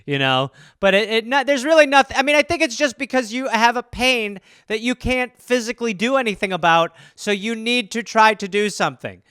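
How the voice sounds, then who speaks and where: A man's voice: extremely high pitch, lively intonation, pushed and bright, clear, resonant tone, no room sound, studio quality. A man hosting a comedy podcast, rambling through listener topics in a profane, jokey riff. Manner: rambling, profane, jokey, slips into quick silly voices.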